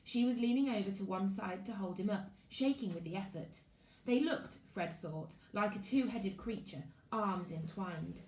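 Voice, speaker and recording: A woman, a primary school teacher, reading a children's novel aloud in an expressive storytelling voice. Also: mid-range voice, moderate pace. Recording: echoey room.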